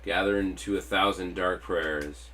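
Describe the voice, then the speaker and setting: Deep-voiced man reading a game aloud. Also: steady tone, a little slow, a bit bright. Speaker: let's-play streamer. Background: faint game music.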